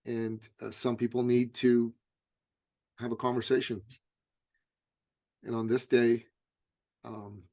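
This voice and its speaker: A middle-aged man recounting a personal story as an interview guest, at a middling pitch. He tells it vividly, often stumbling over repeated starts before pressing on. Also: little pitch movement, takes it slowly, pauses often, warm tone. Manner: vivid anecdotal telling with repeated stammered starts.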